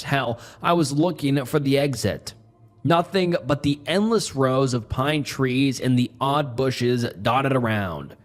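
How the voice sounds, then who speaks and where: A man narrating a first-person horror story in a tense, dramatic way, dropping low and quiet for asides. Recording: faint music bed behind the voice. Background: faint background music.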